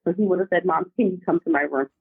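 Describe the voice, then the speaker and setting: Brief: animated woman caller telling a story down a thin, tinny phone line. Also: lowish voice, fast talker, breathy edge, no echo. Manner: animated, vivid retelling. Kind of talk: casual storytelling. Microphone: phone call.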